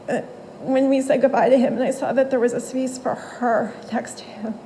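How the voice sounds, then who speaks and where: A woman's voice: sits high, steady tone, normal speed, warm tone, a little hiss or hum, poor audio. Woman in her 40s doing a eulogy at a funeral home mic, fond storytelling, little laughs. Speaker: granddaughter giving a eulogy.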